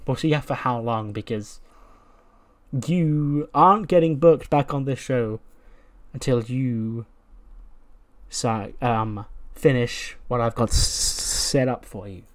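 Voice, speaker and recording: A man's voice: medium pitch, slow, natural voice. A man voicing a bossy female wrestling show manager who scolds a wrestler. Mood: scolding.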